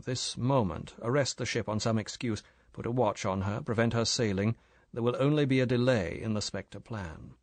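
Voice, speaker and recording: A man's voice: mid-range voice, no echo, lightly acted. A male narrator voicing a guarded secret agent who talks coldly and matter-of-factly. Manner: cold, matter-of-fact. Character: cool, guarded British secret agent, adult man.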